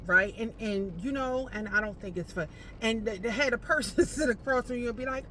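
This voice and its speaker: A woman entrepreneur chatting casually to camera while parked outside a post office, animated and playful, calling the viewer baby. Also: on the high side, moderate pace, a little hiss or hum. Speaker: entrepreneur vlogger.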